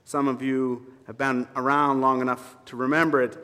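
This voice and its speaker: A man's voice: medium pitch, little pitch movement, moderate pace, sharp tone. A man preaching a sermon as a minister, conversational and emphatic, with wry asides to his congregation. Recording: reverberant hall sound.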